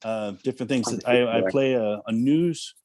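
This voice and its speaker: A man's voice: medium pitch, normal speed, a crowd in the background. A man guesting on a talk show as an actor, talking casually and self-deprecatingly with many fillers. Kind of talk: casual interview chat.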